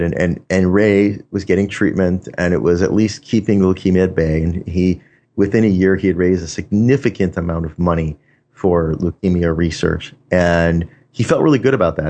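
A man's voice: deep voice, darkish tone. A man telling a motivational story in a conversational way, often restarting and saying "you know".

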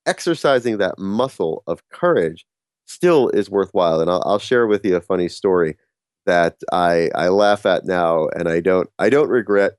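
A middle-aged man telling a casual personal story about courage, halting with frequent restarts and laughing at himself. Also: low voice, dry recording, studio quality. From New Jersey. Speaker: speaker on courage.

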